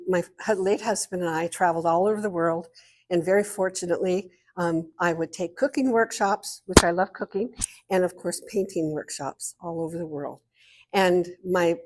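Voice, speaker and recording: A woman's voice: lowish voice, darkish tone. Chatty woman telling a story. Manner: chatty, meandering, self-interrupting. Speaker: guest speaker at an art society. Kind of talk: anecdotal storytelling talk.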